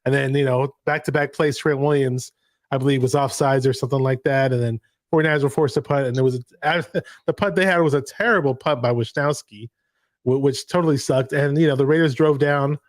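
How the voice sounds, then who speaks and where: A man hosting a live sports reaction show, recapping a game in an excited, rambling way. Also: medium pitch, a little fast, no room sound, studio quality. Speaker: podcast host.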